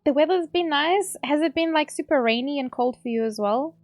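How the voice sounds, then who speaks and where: A South African woman's voice sits high as she chats fairly quickly during a home game stream, rambling and laughing frequently. The audio has no room sound, with faint music in the background.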